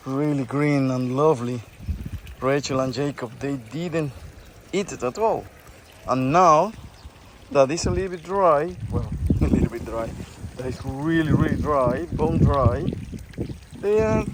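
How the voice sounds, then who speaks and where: A man with a high voice talks slowly and unhurriedly while filming his animals outdoors. He switches between cooing baby talk with squeals and musing commentary, and faint noise sits under his voice. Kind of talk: casual chat to animals and camera.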